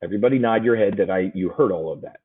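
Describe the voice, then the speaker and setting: A man's voice: on the low side, rapid-fire, breathy edge. A man coaching an options-trading webinar in a brash, joking, casual way. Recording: tinny phone-like audio.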